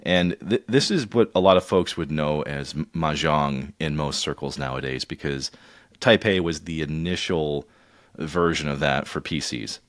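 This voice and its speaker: A man co-hosting a podcast in casual chat, joking and playful with quick asides. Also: rumbling low, no room sound, clean studio sound. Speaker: podcast co-host.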